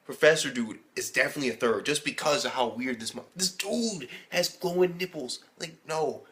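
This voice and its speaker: A man giving a casual, rambling recap of an anime episode as a reviewer, excitable and swearing heavily. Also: on the high side, normal speed. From United States.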